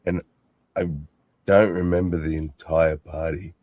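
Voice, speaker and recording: A man in casual conversation, telling a story in a relaxed, laconic way. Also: low-pitched, a little slow, dry recording.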